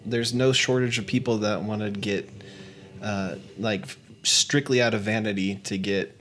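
Relaxed opinionated man, low voice, chatty co-host. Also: normal speed. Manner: laid-back, opinionated, casual swearing. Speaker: podcast co-host. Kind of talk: casual podcast chat.

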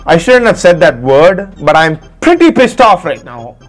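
A man's voice: fairly high pitch, sing-song, moderate pace, soft background music. A man playing a hot-tempered tech support hotline host, ranting and swearing in a comedic rant. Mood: irritated.

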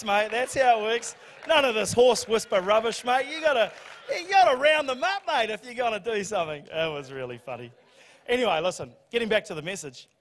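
A man with a New Zealand accent, a pastor telling a lively story in a sermon with sudden shouts and laughter. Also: high-pitched. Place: church.

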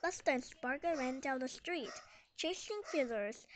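A woman's voice: sits high, measured pace, a little hiss or hum. A woman carefully reading a children's story aloud, then asking comprehension questions. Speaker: storyteller and teacher.

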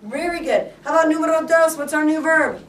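A woman teaching a Spanish class, asking students questions and drawing words out slowly. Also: high voice. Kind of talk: classroom lesson. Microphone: camera from across the room. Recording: echoey classroom from far off.

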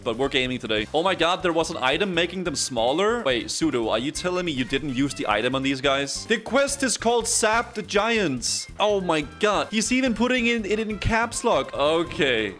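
A man's voice: on the high side, a bit bright. A young man hosting a gaming video, giving casual, jokey commentary and talking straight to his viewers. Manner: playful, jokey, addresses viewers as guys.

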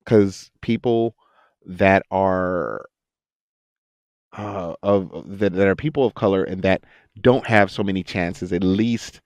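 A man who works as an actor and voice actor, chatting in a podcast interview, telling stories with lots of laughter and quick impressions. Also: low voice, dry recording. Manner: animated storyteller, laughs often, jumps into quoted voices. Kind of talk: casual interview chat.

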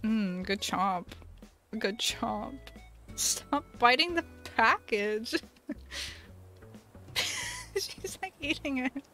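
A woman's voice: on the high side, expressive, extremely slow, long pauses, sharp tone, faint music behind. A woman streamer chatting casually on a live stream, giggling often and talking to her pets. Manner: bubbly, giggly, baby-talks to her pets.

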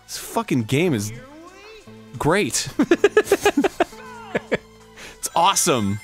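A man co-hosts a casual gameplay chat. He gets excitable fast, yelling and cursing at the game, and his voice leaps wildly between low grumbles and high shouts. Faint music sits behind him. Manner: excitable, yells and swears at the game. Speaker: co-host of a gaming show.

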